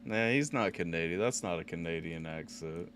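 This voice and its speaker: A man hosting a live music reaction stream, bantering loudly with laughs and swearing. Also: low-pitched, normal speed, slight background noise. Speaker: stream host.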